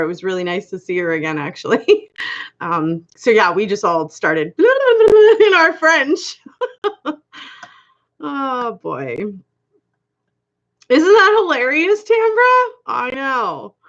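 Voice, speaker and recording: A woman's voice: medium pitch, a bit bright. A woman hosting a casual livestream, chatting with viewers by name, laughing often, with a slight accent. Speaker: livestream host. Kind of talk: casual live chat reading comments. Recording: dull lo-fi livestream audio.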